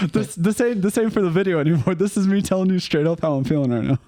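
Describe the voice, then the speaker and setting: Young male co-host, easygoing banter with frequent laughs and casual swearing, dark and dry. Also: sits high, lively intonation, brisk, no room sound. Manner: laid-back, laughs often, swears casually. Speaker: podcast co-host. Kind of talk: casual chat. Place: bedroom at his parents' house.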